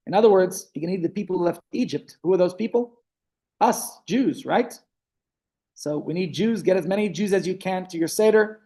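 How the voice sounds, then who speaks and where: Chatty rabbi teaching online. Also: male voice, sits high, moderate pace, warm tone. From South Africa. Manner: chatty storytelling, frequent restarts. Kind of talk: online Torah class. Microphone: video call.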